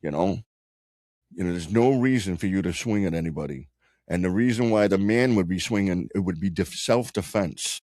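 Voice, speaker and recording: A man's voice: low voice, moderate pace, darkish tone, dry recording, studio quality. Blunt, profane man telling stories. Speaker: podcast co-host. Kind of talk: casual chat.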